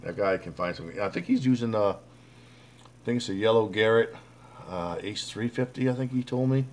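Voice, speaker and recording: At a normal speed, a man with a lowish, slightly mellow voice chats loosely on his live stream. He welcomes viewers by name and calls them bud, reads their comments out, and rambles with lots of fillers and restarts.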